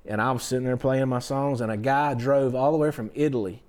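With a mid-range voice and a slightly fast pace, a middle-aged songwriter guesting on a casual interview tells animated stories. Whenever he quotes someone, he acts them out in their voice.

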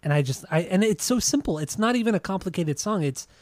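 A man's voice: sits high, animated, fast, no echo, studio quality. A man co-hosting a podcast, rambling and swearing in casual chat about music. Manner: rambling, profane, with frequent restarts. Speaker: podcast co-host.

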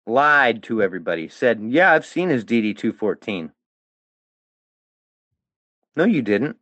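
A man's voice: medium pitch, fairly bright tone, no echo, lo-fi sound. A man on a heated, profane, defiant rant as a podcast guest. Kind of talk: angry rant.

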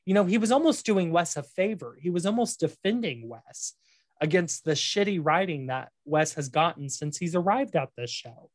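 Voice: medium pitch, normal speed, dry recording. Dry-voiced opinionated podcast co-host. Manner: animated, opinionated, many fillers. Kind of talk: casual chat.

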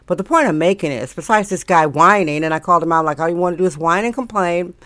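A woman's voice: on the low side, quick pace, fairly bright tone, no echo, studio quality. Blunt, ranting middle-aged woman host. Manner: blunt, ranting, sarcastic asides. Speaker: daily show host. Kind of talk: casual opinionated monologue.

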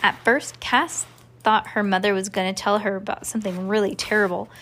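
A woman reading a children's storybook aloud to a child, with a calm storytelling cadence. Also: mid-range voice, fairly quick, a little hiss or hum. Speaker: reader to a child.

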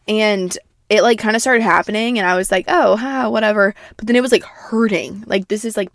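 Here the podcast host, a young adult woman, rambles through a casual solo chat, swearing without restraint and speaking frankly. Her pitch sits in the medium range, and the recording is dry.

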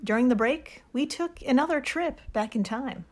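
A woman's voice: sits high, animated, moderate pace. Playful woman podcast storyteller. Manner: playful storyteller, narrates with dramatic flair. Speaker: podcast co-host.

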